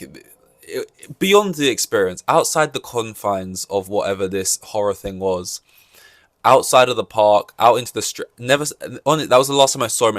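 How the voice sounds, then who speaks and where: A man's voice: lowish voice, a bit bright, dry recording, clean studio sound. A man hosting a solo podcast, rambling and joking through casual chat with many fillers and restarts. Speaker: podcast host.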